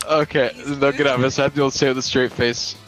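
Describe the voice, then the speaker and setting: A man chatting and swearing over a voice call while playing a game with friends, laughing often and telling stories quickly. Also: medium pitch, little pitch movement, over loud music, rough recording. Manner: laughs a lot, swears, tells stories fast. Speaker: gamer. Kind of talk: casual chat while gaming.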